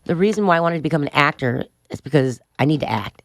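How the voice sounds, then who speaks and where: A woman's voice: sits low, expressive, fast talker, no echo, studio quality. A middle-aged woman as a podcast guest, telling a wild story bluntly and profanely, laughing along as she goes. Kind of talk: candid storytelling interview.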